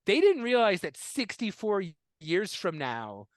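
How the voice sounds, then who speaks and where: Man, high voice, dry close sound, animated storytelling, casual interview. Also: a little slow, dry recording. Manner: animated storyteller, acts out quoted relatives, laughs often. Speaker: comedian and guest.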